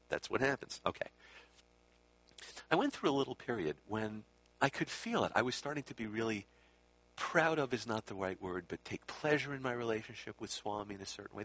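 A man's voice: mid-range voice, fairly bright tone. A man telling a casual, rambling anecdote about a spiritual teacher, correcting himself and adding asides as he goes. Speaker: speaker recalling time with a spiritual teacher. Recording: dull lo-fi recording.

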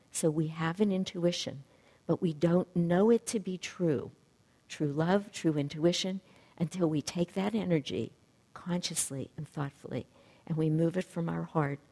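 A woman spiritual teacher giving a reflective talk who sometimes pauses to search for words. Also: deep voice, gravelly, warm tone, breathy edge, big-room sound.

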